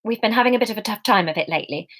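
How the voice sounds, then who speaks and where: A woman's voice: medium pitch, expressive, a bit bright. A woman voicing a flustered, blunt young woman explaining herself in a hurry, in a storybook reading. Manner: hurried, flustered.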